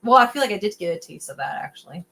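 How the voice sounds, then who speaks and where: A woman's voice: on the low side, very fast, vocal fry, low-quality recording. A young woman, a podcast guest, telling a personal story in casual late-night chat. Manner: animated storyteller, acts out quotes.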